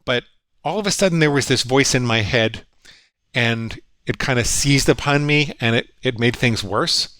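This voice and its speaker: A middle-aged man speaking in an earnest, reflective way, recalling his past and voicing the thoughts in his head. His voice sits at an ordinary pitch, and the recording is dry and close. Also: normal speed, fairly bright tone, no echo. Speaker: guest psychologist. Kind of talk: storytelling conversation.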